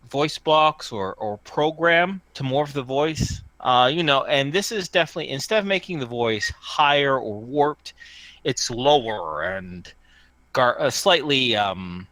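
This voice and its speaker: A man's voice: medium pitch, pushed and bright, no echo. A man running a tabletop game as game master, rambling and laughing often.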